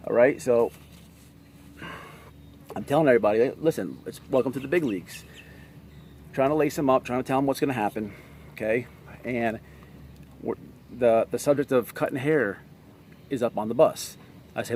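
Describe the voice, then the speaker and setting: Man, casual vlogger, blunt, profane, streetwise storytelling, middle pitch, faint background noise. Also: a little mellow.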